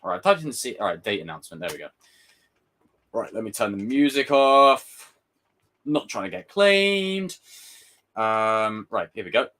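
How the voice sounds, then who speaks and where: A man's voice: medium pitch, animated, normal speed, pauses often, sharp tone. A young man giving casual, rambling live commentary, joking and swearing freely. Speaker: streamer reacting to a trailer.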